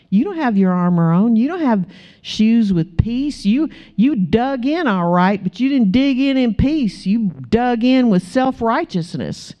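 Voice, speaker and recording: In a fairly high-pitched voice at a measured pace, a woman who is a pastor's wife gives a sermon built on stories. She animatedly impersonates the people in them, recorded with slightly dull lo-fi quality.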